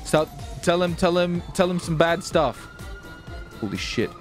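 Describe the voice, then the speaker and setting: A young man streams improvised game role-play, excitable and easily thrown into a panic, and he swears freely. His voice sits high and bounces through a wide, animated range. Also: unhurried, soft background music.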